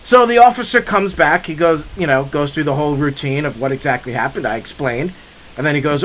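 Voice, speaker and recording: A man's voice: fairly high pitch, a little fast. A man vlogging on a forest hike, telling a dramatic story with lots of energy. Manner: dramatic, builds up to shouted reenactments. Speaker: hiking vlogger. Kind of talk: animated storytelling. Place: outdoor forest trail.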